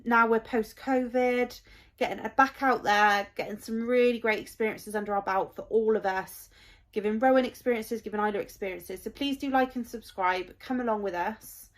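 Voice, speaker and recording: Mum in her thirties, casual vlog, heartfelt and rambling, slightly high voice. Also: moderate pace. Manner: emotional, heartfelt, rambling with many fillers. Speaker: parent vlogger.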